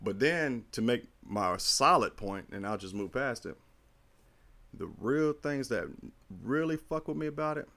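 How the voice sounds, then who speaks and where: A middle-aged man in casual chat, telling a long story in a rambling, animated and profane way. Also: medium pitch, measured pace.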